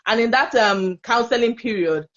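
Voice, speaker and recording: Expressive woman with a Nigerian accent. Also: a little high, normal speed, muffled recording. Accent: Nigerian English. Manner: expressive, laughing storyteller. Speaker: panel guest. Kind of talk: casual panel conversation.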